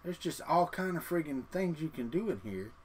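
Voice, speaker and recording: Chatty man live-streaming, slightly high voice. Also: lively intonation, moderate pace, slight background noise. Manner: chatty, muttering to himself while clicking through settings. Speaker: livestream host. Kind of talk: casual live-stream chat.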